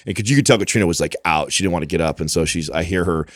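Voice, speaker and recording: A man's voice: low-pitched, racing, no room sound, clean studio sound. A man in his thirties in casual chat, telling a story and laughing often.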